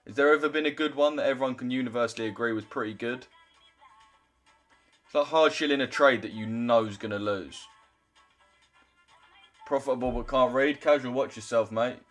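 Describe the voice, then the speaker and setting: A man's voice: medium pitch, normal speed, long pauses, fairly bright tone, soft background music. A young man chatting casually on a trading livestream, loose and chatty, swearing now and then as he reads out chat.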